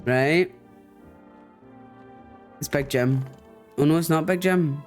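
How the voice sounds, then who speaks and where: A man streaming a video game, playful and quick to swear and exclaim. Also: a little high, faint music behind. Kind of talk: gameplay commentary.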